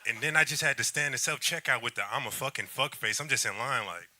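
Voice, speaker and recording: A man doing stand-up in a club, telling an animated story and acting out what people said. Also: medium pitch, fast talker, slight background noise. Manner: animated storytelling with acted-out quotes. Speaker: stand-up comic. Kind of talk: stand-up set. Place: comedy club stage.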